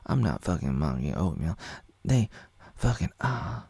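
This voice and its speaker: Deep, gravelly man rambling on. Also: sing-song, moderate pace, mellow, no echo. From Oregon, USA. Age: 30s. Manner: rambling, self-correcting, reads his own posts aloud. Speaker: vlogger. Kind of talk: casual rambling monologue.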